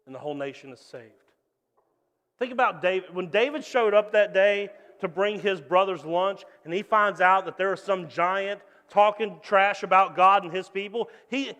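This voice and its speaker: High-voiced animated male pastor. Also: moderate pace, in a large hall. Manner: animated storytelling with acted-out voices. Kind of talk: sermon.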